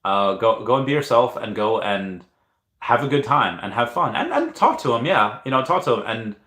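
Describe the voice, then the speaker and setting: A man's voice: medium pitch, big pitch swings, moderate pace, bright, forceful tone. A man in his thirties hosting a livestream, chatting casually and reading out viewer comments, often hesitating and restarting his sentences. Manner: hesitant, restarts often, reads chat aloud. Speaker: livestream host. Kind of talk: rambling casual livestream chat. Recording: echoey room.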